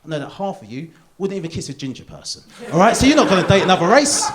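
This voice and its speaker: A man doing a live stand-up set in a theatre, animated and jumping into high put-on voices for characters. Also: quick pace, few pauses, crowd noise. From Essex, England. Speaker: stand-up comedian. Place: theatre stage. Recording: live theatre recording with audience noise.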